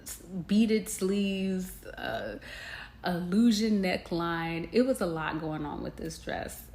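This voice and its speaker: Slow-talking young woman, echoey room. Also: lowish voice, animated, darkish tone. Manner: candid, emotional, laughs often, addresses listeners as y'all. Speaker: podcast host. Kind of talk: casual personal storytelling. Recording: echoey room, faint background noise.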